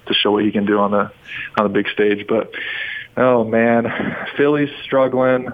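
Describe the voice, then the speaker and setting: A man's voice: lowish voice, vocal fry, no echo. Man talking over a tinny phone line. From Utah. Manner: rambling and enthusiastic, frequent restarts. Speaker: former pro basketball player, guest. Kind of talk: sports radio phone interview.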